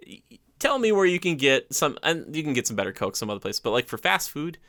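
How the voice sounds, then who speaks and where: Bright-voiced enthusiastic podcast man. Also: a little high, very animated, a little fast, no room sound, studio quality. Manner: enthusiastic, rambling, many fillers. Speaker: podcast co-host. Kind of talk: casual chat.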